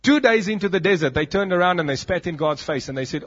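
A man's voice: a little high, lively intonation, fairly quick, slightly rough. A South African man preaching a sermon as pastor, emphatic, with dramatic drops in his voice, on a dull lo-fi recording.

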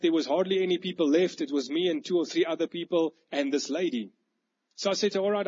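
A man, preaching a sermon with animated, vivid storytelling. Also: fairly high pitch. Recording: dull lo-fi recording.

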